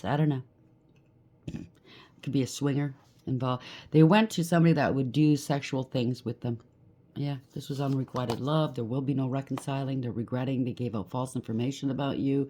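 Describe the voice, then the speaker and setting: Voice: medium pitch, fairly even intonation, normal speed, mellow. A tarot reader giving a collective reading, blunt and emphatic, rattling off lists of traits and often checking in with "okay?".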